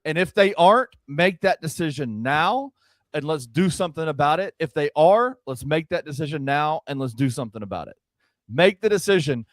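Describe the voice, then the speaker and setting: A man's voice: fairly high pitch, expressive, normal speed, no echo, studio quality. A man co-hosting a sports podcast, rambling and pleading in casual banter, laughing often. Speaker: co-host.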